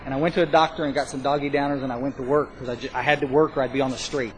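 A man telling his recovery story to a live audience, rambling and self-mocking, with bursts of loud emphasis. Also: mid-range voice, steady tone, very fast, slight background noise, poor audio. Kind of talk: spoken testimony to a live audience.

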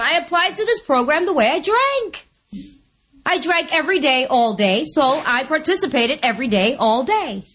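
High, lively woman telling her story. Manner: lively, animated, acts out voices and laughs often. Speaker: recovery meeting speaker. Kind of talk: testimony talk with humor.

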